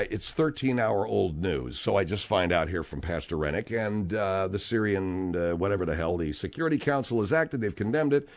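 Indignant radio host, animated pitch. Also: male voice, no echo. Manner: indignant, interrupting. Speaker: radio talk show host. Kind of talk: comedy radio talk.

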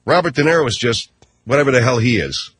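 A man's voice: mid-range voice, animated, quick pace, fairly bright tone. A man ranting on talk radio in a combative, sarcastic, mocking way. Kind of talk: radio rant.

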